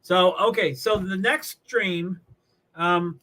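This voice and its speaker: Bright high-pitched rambling livestreamer man. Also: takes it slowly, rough recording. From New England. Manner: rambling, chatty, laughs often. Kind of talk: casual live commentary while watching a race.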